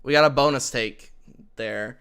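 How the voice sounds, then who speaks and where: A man co-hosting a casual podcast chat, halting and restarting his sentences as he looks things up. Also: medium pitch, over a noisy crowd. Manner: halting, restarts sentences while searching online. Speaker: podcast co-host.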